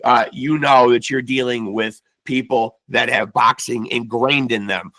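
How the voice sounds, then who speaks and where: Gravelly-voiced effusive boxing podcast host. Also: male voice, mid-range voice, steady tone, measured pace, sharp tone, no echo, rough recording. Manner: effusive, rambling, repeats "man" a lot. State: losing his voice. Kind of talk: casual interview sign-off and promo. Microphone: video call setup.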